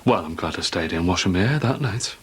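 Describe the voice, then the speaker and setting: A man's voice: sits low, expressive, fairly quick, husky, full character voice. A middle-aged man, playing a wry father-in-law in a 1990s TV soap, asking teasing, probing questions.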